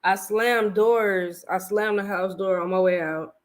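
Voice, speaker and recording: A woman's voice: medium pitch, a little slow. Candid woman recapping reality TV. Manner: candid, animated storytelling, slangy. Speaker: podcast host. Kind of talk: casual reality TV recap chat.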